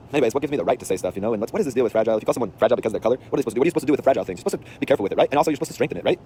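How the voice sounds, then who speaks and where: A man's voice: medium pitch, animated, very fast, dark tone, a little hiss or hum. A man telling rambling stories in a casual, offhand way, full of slang and restarts, outdoors on a city street. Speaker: vlogger.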